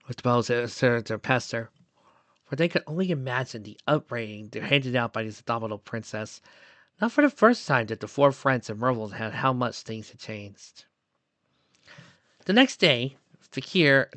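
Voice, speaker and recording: A man reading fan fiction aloud as narrator, in a soft, steady storytelling voice. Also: mid-range voice, no echo.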